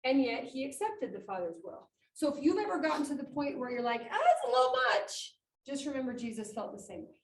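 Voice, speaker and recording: A woman giving an inspirational talk at a conference, animated and acting out quotes, in a meeting room with about twenty people. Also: sits high, fast, few pauses. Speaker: conference speaker. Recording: echoey room, mic far off, faint noise.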